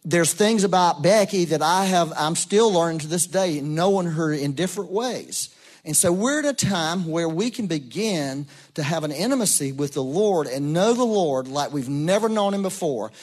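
Speaking at normal speed in a slightly high voice, a middle-aged pastor delivers a folksy, story-driven sermon. He animates the quotes he shares by performing the different voices.

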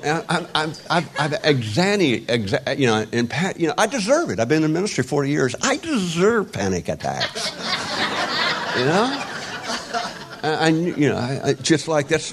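A man in his sixties preaching an informal sermon, rambling and halting with many restarts and wry self-deprecating humor. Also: mid-range voice. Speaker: pastor.

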